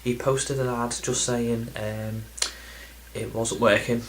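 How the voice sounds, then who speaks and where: A man's voice: medium pitch, little pitch movement, slow, slight background noise, low-quality recording. A man chatting in a casual vlog, rambling and self-deprecating, with plenty of ums and restarts. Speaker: video game collector vlogger.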